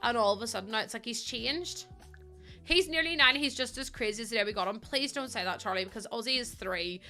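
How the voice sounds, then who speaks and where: A young woman chats her way through a building game on stream, her voice bright and a touch high. She rambles easily, full of fillers and casual swearing. Soft music plays faintly behind her. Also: fairly quick. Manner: rambling and chatty, with many fillers, swearing freely. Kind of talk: casual chat while playing a building game.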